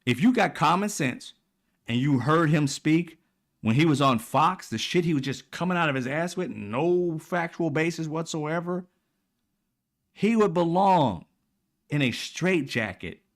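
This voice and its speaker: A man's voice: expressive, a little slow. A man hosting a political commentary show, ranting casually in a profane, exasperated, mocking way. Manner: swings from loud and high to low and quiet.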